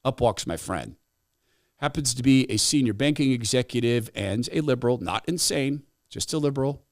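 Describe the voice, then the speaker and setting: Animated middle-aged male talk host. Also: medium pitch, moderate pace, dry recording, clean studio sound. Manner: animated, conversational, with asides. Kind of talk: storytelling commentary.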